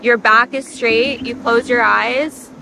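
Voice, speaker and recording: A woman's voice: a little high, steady tone, takes it slowly, creaky, over music. A woman patiently teaching a chant step by step. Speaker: chant instructor. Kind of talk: calm instruction.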